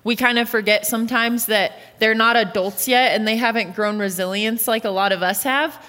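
Bright-voiced young woman, hall reverb. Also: on the high side, fairly even intonation, moderate pace. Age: late 20s. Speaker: youth pastor. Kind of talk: interview answers. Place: church auditorium stage. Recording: long reverb of a large hall.

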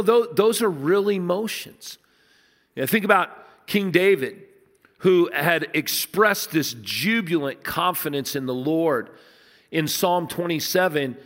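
A man preaching a sermon, telling stories in a conversational way and dropping low and soft to stress points. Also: big-room sound. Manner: storytelling, conversational, dips low and soft for emphasis. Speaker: pastor.

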